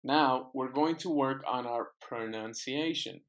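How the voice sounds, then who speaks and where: A man's voice: mid-range voice, unhurried. A man teaching an English class, patiently repeating words and phrases for his students to echo. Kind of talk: online classroom lesson.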